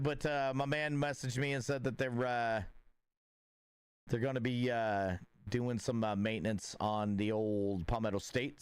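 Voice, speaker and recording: Rambling man, smooth and dry. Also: medium pitch, dry recording. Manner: rambling, with many filler words and restarts; laid-back and friendly, greeting viewers by name. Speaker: livestreamer. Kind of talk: casual livestream chat with viewers.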